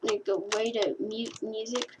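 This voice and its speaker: A gameplay commentator chats casually while she plays, rambling and self-correcting along the way. Her voice is on the high side, level in tone and a little slow, with keyboard clicks and clear background noise in the recording.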